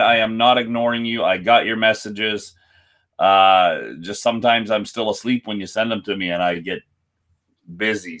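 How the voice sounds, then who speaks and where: A man appearing as a guest on a casual live whisky stream, answering in a dry, deadpan way and greeting viewers by name. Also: fairly low pitch.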